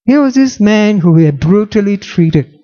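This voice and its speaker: A man's voice: sits high, animated, moderate pace, mellow, lo-fi sound. A man preaching a sermon dramatically, using rhetorical questions.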